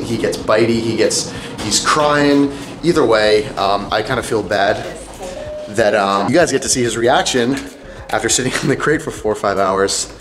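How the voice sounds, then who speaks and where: A man's voice: fairly low pitch, noisy background. A young man talking casually to camera in a rambling, chatty way, full of "like" and "um". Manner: rambling, chatty, says "like" and "um" a lot. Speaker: fitness vlogger. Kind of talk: casual vlog talk to camera. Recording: echoey room with faint background music.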